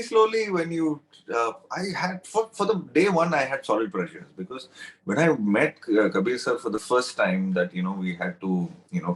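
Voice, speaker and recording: A man's voice: fairly low pitch, slight background noise. A middle-aged man with a South Indian English accent, answering interview questions in a rambling way with many fillers and restarts. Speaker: interviewed actor.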